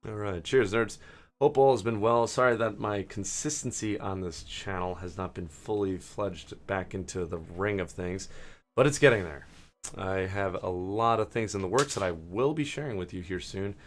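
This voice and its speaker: Hoarse, profane man ranting over gameplay. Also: deep voice, normal speed. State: hoarse throat. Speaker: gaming channel host. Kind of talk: casual rambling commentary while gaming.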